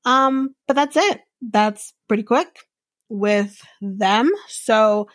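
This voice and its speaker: A woman's voice: fairly high pitch, very slow, a bit bright, no room sound, clean studio sound. A woman hosting a podcast, recapping a reality show in a chatty, rambling way with many restarts. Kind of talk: casual chat recap.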